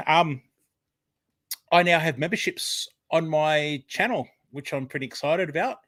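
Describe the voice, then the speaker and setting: A man with an Australian accent hosting a casual live stream, rambling warmly through greetings with lots of ums. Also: fairly high pitch, a little slow, no echo. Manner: chatty, rambling, full of fillers, greeting viewers by name. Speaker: livestream host. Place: home room at a computer. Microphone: desk microphone.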